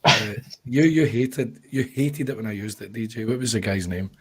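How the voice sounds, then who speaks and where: A man co-hosts a casual podcast in a low, slightly husky voice. He talks in an animated, crude way, building jokes as he goes. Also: moderate pace. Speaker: podcast co-host. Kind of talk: casual political chat.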